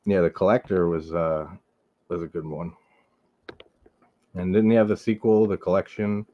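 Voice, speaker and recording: A man's voice: sits low, steady tone, moderate pace, highs cut off. A man from Long Island, hosting a live horror movie stream and chatting casually with viewers. He rambles, drops "like" constantly and swears freely. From Long Island, New York.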